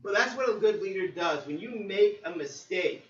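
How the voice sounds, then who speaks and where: A male preacher delivering a sermon, telling the story in a lively way with acted-out quotes. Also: sits high, normal speed. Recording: roomy, distant, dull sermon recording.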